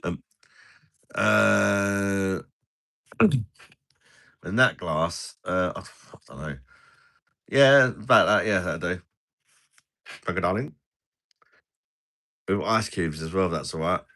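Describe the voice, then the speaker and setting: Deep British guy rambling over drinks. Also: a little slow, pauses often, sharp tone. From Britain. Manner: rambling, jokey banter with frequent laughs. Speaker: live-stream host. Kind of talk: casual live-stream chat while drinking.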